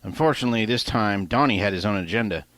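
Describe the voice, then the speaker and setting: Low-voiced man casually reading his own novel. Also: fast talker, fairly bright tone, no echo. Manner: casual, conversational, with offhand asides and swearing. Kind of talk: first-person audiobook narration.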